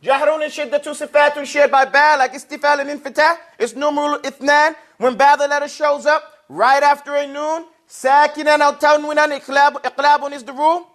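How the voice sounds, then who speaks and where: This Arabic and recitation teacher has an extremely high, slightly bright voice and a flat delivery, speaking briskly with few pauses. He patiently explains the material and leads the class to echo every word back to him.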